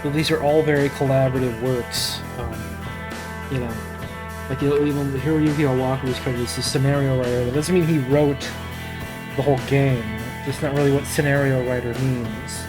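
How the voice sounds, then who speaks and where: A man giving casual let's play commentary in an emotional, rambling way, swearing freely. His voice is of middling pitch. Guitar music plays clearly beneath him. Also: fairly even intonation, fairly quick.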